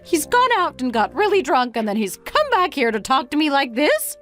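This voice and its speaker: An exasperated middle-aged mother who complains in rapid-fire questions, as a woman plays her. Her pitch sits a little high and swings widely from line to line. Soft music plays faintly behind this dramatized family story. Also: big pitch swings. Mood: self-pitying.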